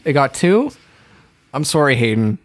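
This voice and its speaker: A man's voice: mid-range voice, big pitch swings, normal speed. A man running a casual TV-show quiz with a friend, teasing, laughing a lot and swearing now and then. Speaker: podcast co-host running a TV quiz. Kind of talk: casual chat.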